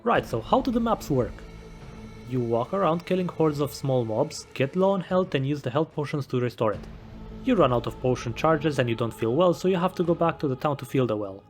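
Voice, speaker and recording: A man's voice: a little high, lively intonation, a little fast, faint music behind. A man giving a scripted game review voice-over with a wry, self-deprecating sense of humor. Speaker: gaming video creator.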